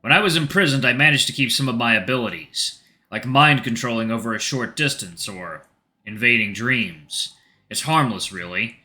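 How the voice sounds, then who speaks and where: A man voicing a smug, seductive male demon who speaks low, almost in a whisper, in a game reading. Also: moderate pace, sharp tone.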